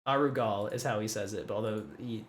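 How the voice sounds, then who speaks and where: A man's voice: on the low side, little pitch movement, fast, a little hiss or hum. A man streaming a game and chatting casually, thinking aloud and restarting his sentences as he reads through a list of items. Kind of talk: casual gameplay commentary.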